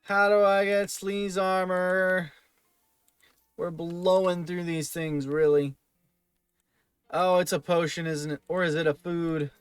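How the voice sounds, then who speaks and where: A man's voice: sits high, little pitch movement, takes it slowly, long pauses, clear, resonant tone, no room sound, faint music behind. A man giving let's play commentary, thinking aloud and muttering through item lists. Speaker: gaming video host.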